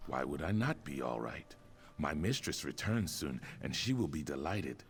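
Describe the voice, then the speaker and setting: A man's voice: a bass voice, sing-song, moderate pace, husky, full character voice. An actor playing a devoted male servant in a fantasy game, obsessive and fawning about his mistress. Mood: adoring.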